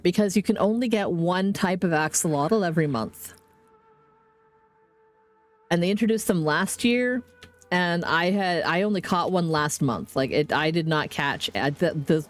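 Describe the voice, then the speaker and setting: A woman streamer in casual live gameplay commentary, chatty and excitable, rambling to herself at a desk mic. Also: deep voice.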